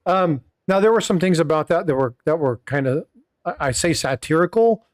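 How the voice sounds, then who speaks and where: A man's voice: fairly high pitch, animated, normal speed. Rambling middle-aged man hosting a stream. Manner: rambling, filler-heavy, reads viewer chat aloud. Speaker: livestream host. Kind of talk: casual panel chat.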